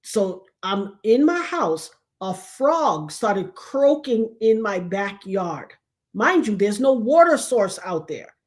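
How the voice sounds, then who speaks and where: A woman in her fifties from New York, hosting a show and telling a long story in casual chat, animated and dramatic with loud outbursts. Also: medium pitch, slow pace. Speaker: show host.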